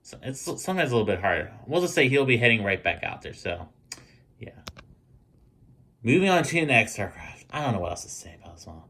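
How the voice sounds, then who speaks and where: A man's voice: lowish voice, very animated, fairly quick, vocal fry, pushed and bright. A young man casually narrating his model airport, rambling with frequent ums and restarts, indoors in a dim room at home. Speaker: model airport hobbyist host. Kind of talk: casual hobby video narration.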